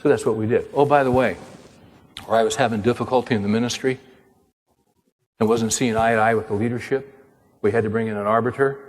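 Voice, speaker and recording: A man's voice: medium pitch, quick pace, long pauses. Older male preacher telling a story in a reverberant hall. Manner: animated storyteller acting out dialogue. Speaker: pastor and author. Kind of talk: sermon storytelling.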